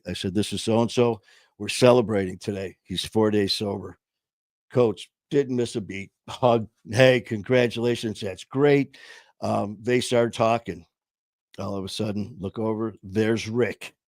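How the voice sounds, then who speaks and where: A man's voice: fairly low pitch, a little mellow, dry recording. A man hosting a sobriety support livestream, telling a story to his viewers in a casual, earnest way, rambling with frequent restarts and fillers. He speaks from a small home studio.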